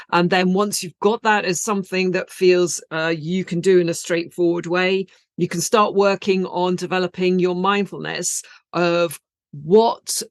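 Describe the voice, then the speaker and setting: A woman with a British accent, an acupuncturist guest, explaining things in a calm and measured way during an interview. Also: fairly low pitch, no echo, clean studio sound.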